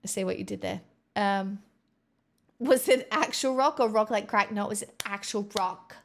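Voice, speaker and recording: A woman's voice: medium pitch, normal speed, gravelly. A woman livestreamer chatting casually on a headset mic, bubbly and rambling with self-mocking jokes.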